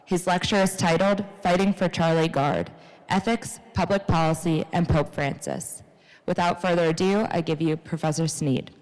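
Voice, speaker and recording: A woman's voice: lowish voice, fairly even intonation, moderate pace, darkish tone, in a large hall, a faint crowd, low-quality recording. A young woman, a university student, reading a formal speaker introduction in a lecture room. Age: young adult. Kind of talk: read introduction.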